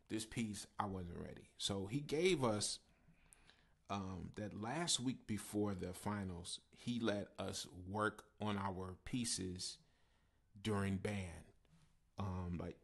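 Man, pastor, casual personal story, gravelly fry, deepish voice. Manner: conversational, with fillers and repeated phrases. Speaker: pastor and musician.

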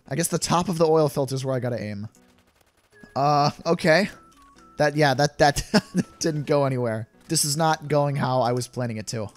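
A young man giving playful gameplay commentary, laughing often as he reacts. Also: fairly high pitch. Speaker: gaming YouTuber. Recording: game music playing faintly behind.

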